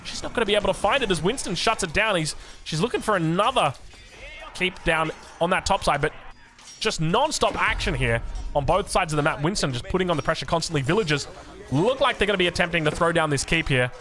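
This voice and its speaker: Australian man, lively game caster, enthusiastic and jokey, bright forceful voice, fairly high pitch, faint music behind. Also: fast talker. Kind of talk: excited esports commentary.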